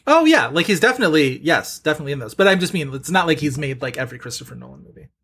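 Slightly high, chatty podcast man. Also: big pitch swings, rapid-fire, fairly bright tone, slightly rough. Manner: chatty, trails off with fillers like "like". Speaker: podcast co-host and quizmaster. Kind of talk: casual movie quiz chat.

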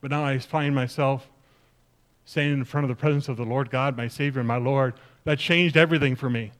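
A man's voice: medium pitch, fairly even intonation, fairly quick, a bit bright, natural voice. A male pastor preaching in the first person as an earnest woman disciple, telling her story emphatically to the congregation. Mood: joyful. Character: grieving then joyful woman disciple, earnest. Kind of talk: first-person dramatic sermon monologue.

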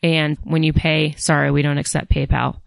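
A woman's voice: low voice, flat delivery, normal speed, gravelly, no echo. A woman hosting a podcast, reading a listener review aloud and making jokey, irreverent asides. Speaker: podcast host.

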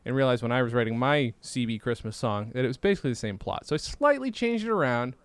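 A man's voice: mid-range voice, lively intonation, fast talker, clean tone, no room sound. A man hosting a podcast in casual chat, rambling and self-deprecating, with lots of fillers and restarts. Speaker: podcast host.

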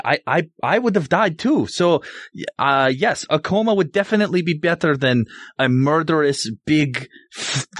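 A man playing a tabletop game who talks in a halting, rambling way, full of restarts. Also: medium pitch, dry recording, studio quality. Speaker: player. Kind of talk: casual tabletop game play.

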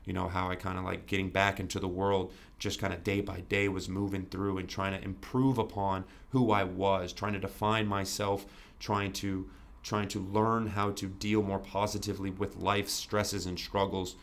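Brief young man, low-pitched, earnest podcast guest, candid storytelling. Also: flat delivery, normal speed, creaky. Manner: earnest, restarts often, fillers like "you know".

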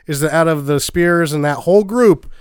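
A man's voice: on the high side, normal speed, clear, resonant tone, no echo, clean studio sound. A man co-hosting a casual movie podcast, explaining and joking with his friends. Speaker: podcast co-host. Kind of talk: casual movie review chat.

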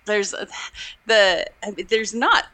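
Bright-voiced laughing woman podcaster. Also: mid-range voice, a little slow. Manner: laughs often, animated retelling of scenes. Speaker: podcast co-host. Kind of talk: casual film discussion.

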